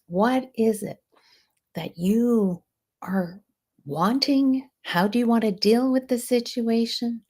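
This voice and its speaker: A woman hosting a live session as a stress management coach, speaking in a slow, soothing, guiding way with some softly breathed phrases. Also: lowish voice, gravelly, husky.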